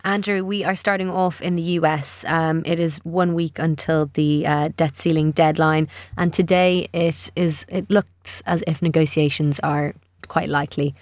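A woman's voice: sits low, fairly even intonation, moderate pace, darkish tone, dry recording. Hesitant woman radio producer. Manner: hesitant, many ums. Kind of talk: studio radio chat. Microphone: studio microphone.

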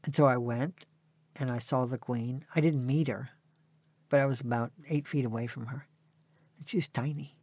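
A man's voice: medium pitch, steady tone, moderate pace, pauses often, a little mellow, no room sound. A man in his sixties, an author telling dry, self-mocking stories as a guest in an interview. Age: 60s. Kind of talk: conversational storytelling.

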